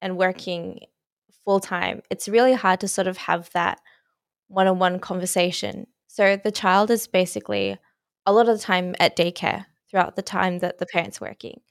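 A young woman hosts a podcast interview and asks questions in a tentative way, often pausing to rephrase. Her voice has a medium pitch and sounds close and dry, with no room echo. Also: steady tone, creaky. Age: young adult. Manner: hesitant questions with many sort-of fillers. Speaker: podcast host.

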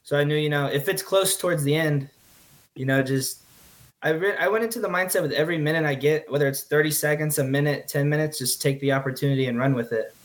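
A man's voice: on the high side, quick pace. A teenage man answering interview questions earnestly, often restarting and repeating his words. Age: teens. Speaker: guest athlete.

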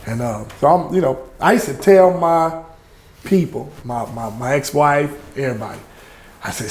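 A middle-aged man, a music producer telling lively anecdotes in an interview and acting out the people he quotes. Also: mid-range voice, moderate pace, reverberant. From Louisiana. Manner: lively anecdotes, acts out quoted voices, laughs often. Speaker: music producer and label head, interview guest. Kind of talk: animated storytelling in a podcast interview.

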